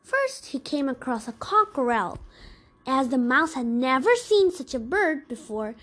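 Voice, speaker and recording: Expressive high-voiced woman storyteller. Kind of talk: storybook reading.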